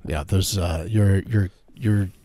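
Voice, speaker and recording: A man's voice: low-pitched, steady tone, slow, dark tone, no room sound. A man co-hosting a casual comedy podcast, dry and sarcastic, talking with many fillers. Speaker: podcast co-host.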